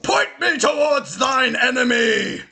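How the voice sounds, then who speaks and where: A man's voice: animated, slow pace, vocal fry, heavily acted. A man voicing an angry bearded Viking king who bellows in old-fashioned speech. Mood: bellowing. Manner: booming, archaic, shouting.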